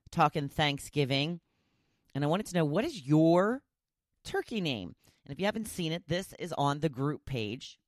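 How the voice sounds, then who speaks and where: A woman's voice: very deep voice, no echo, studio quality. A woman hosting a podcast, chatting casually and bubbly with her listeners and laughing often. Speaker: podcast host.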